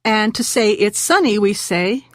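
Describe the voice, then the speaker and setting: A woman hosting a radio language lesson, patiently slowing down and repeating words. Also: medium pitch, lively intonation, no room sound, clean studio sound.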